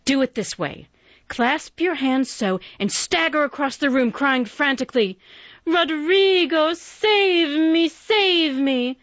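A woman voicing a bold, decided tomboy teenage girl in a storybook, talking in a brisk, forceful, dramatic way. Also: high voice, animated, no room sound, muffled recording, pitched above the performer's own voice. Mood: melodramatic.

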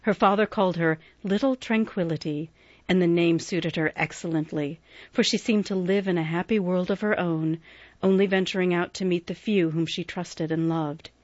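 A woman reading a classic novel aloud as audiobook narrator, measured and expressive. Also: on the low side, no room sound, highs cut off.

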